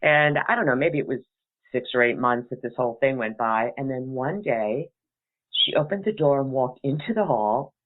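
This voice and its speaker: A woman's voice: extremely low pitch, expressive, normal speed. Laughing middle-aged woman host, tinny line. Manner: chatty, laughs between sentences. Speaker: talk show host. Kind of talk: casual storytelling on a call-in show. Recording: tinny phone-like sound.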